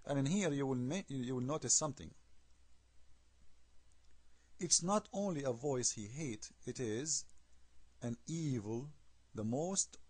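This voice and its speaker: A man's voice: medium pitch, a little slow, pauses often, a little mellow, husky, no room sound. A man giving an argumentative video commentary, emphatic and scornful, firing off rhetorical questions in non-native English. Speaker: online commentator.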